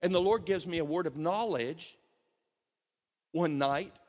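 Middle-aged male pastor, animated sermon delivery, slightly high voice, big reverberant room. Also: measured pace. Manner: animated preaching, swings between hushed and loud. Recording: long hall reverb.

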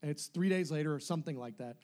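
A man's voice: on the high side, fast. A middle-aged man preaching and telling a story with lots of energy, laughing as he goes and acting out the voices of the people in it. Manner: animated, laughing storyteller who acts out quoted voices. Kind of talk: sermon storytelling.

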